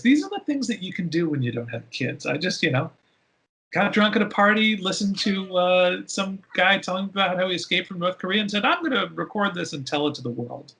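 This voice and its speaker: A man who is a podcast guest, telling stories in a casual interview with lively, animated delivery. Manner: animated storyteller with big pitch jumps.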